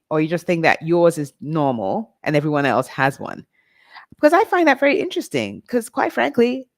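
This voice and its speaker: A woman's voice: medium pitch, dry recording, clean studio sound. A middle-aged woman from Nigeria, talking candidly and directly to her listeners in a reflective personal monologue. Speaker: vlog host.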